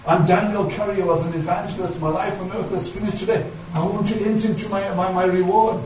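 A man's voice: high-pitched, steady tone, quick pace, a little mellow, a little hiss or hum, natural voice. A man acting out a dead evangelist pleading at heaven's gate, in an echoey church heard from far off.

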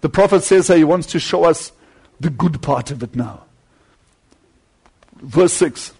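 Male preacher, high voice, husky, fervent sermon delivery, loud climbs and low asides. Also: measured pace.

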